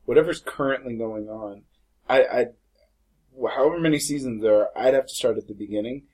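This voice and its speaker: A man's voice: mid-range voice, fairly quick, darkish tone, husky, poor audio. A man in a casual podcast chat who talks earnestly and explains himself at length.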